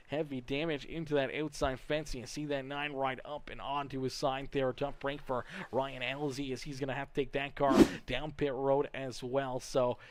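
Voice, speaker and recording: A man calling sim racing play-by-play for a league stream, with excitable calls that rise loud on passes and flags. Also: fairly high pitch. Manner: chatty aside reading viewer comments. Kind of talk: play-by-play commentary.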